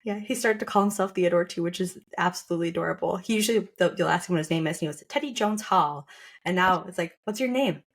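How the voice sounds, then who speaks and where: A woman's voice: fairly low pitch, steady tone, very fast, hardly any pauses. A young woman on a podcast, talking casually and reflectively about becoming a mother, often restarting her sentences. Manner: reflective, with frequent restarts and laughter. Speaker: podcast co-host sharing her birth story.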